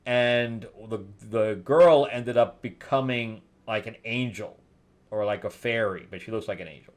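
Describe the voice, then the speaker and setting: A man hosting a comic review, casually recapping a story in a rambling way with asides. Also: medium pitch. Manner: rambling retelling with laughs and asides.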